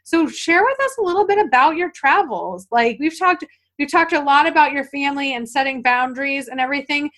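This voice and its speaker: A woman hosting a podcast interview, talking in a chatty, animated way with quick asides. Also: high-pitched. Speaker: podcast host. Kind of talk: casual interview chat.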